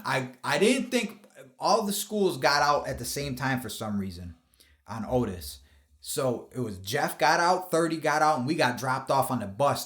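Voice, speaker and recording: A man in his thirties hosting a podcast, telling profane stories in casual chat and acting out the voices in them. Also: mid-range voice. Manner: profane, animated storyteller who acts out quotes. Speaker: podcast host.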